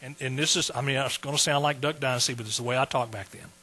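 A man's voice: mid-range voice, fast, sharp tone, husky, rough recording. A man preaching a personal testimony in a folksy, emotional way, close to tears. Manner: folksy, emotional storytelling with fillers. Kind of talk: sermon testimony.

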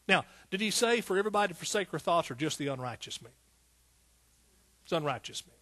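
A man's voice: fairly high pitch, animated, fast, fairly bright tone. A man preaching a sermon in a fervent, rhythmic way, often calling out to his listeners. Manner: fervent, rhythmic preaching with repeated calls to the congregation.

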